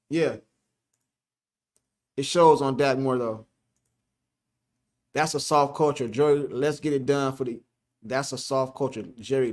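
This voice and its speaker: A man hosting a casual sports live stream, reading the chat aloud, joking, laughing and repeating himself. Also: mid-range voice.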